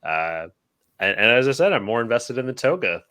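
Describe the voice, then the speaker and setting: A man's voice: medium pitch, big pitch swings, moderate pace, bright, forceful tone, clean tone. A man hosting a casual podcast chat, rambling with many fillers and restarts. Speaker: podcast host.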